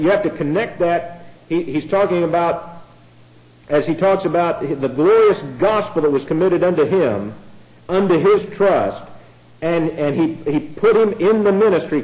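A man's voice: on the high side, a little mellow, rough recording. A man giving a sermon-style Bible study, explaining in a conversational way, often restarting his sentences and spelling out words letter by letter. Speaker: Bible teacher.

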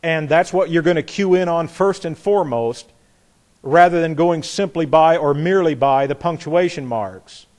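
A man's voice: on the high side, a little mellow. Man teaching a Bible class. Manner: deliberate, repeats words, asks the class questions; reads scripture aloud with stress on key words.

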